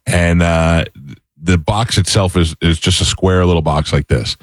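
Male radio host, very low voice, easy laugh, rambling, dry mic. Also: fairly even intonation, a little slow, no echo. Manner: laughs easily, rambling anecdotes. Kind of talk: casual talk radio chat.

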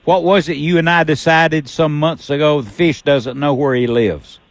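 A man's voice: on the high side, steady tone, normal speed, no room sound. A man hosting a radio fishing show, giving a caller brief, encouraging replies.

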